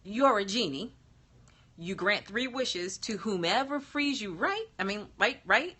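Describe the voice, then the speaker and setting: A man's voice: sits high, lively intonation, measured pace, pushed and bright, slightly rough, pitched above the performer's own voice, full character voice. A woman voicing a flustered, eager young man who stammers and blurts out questions.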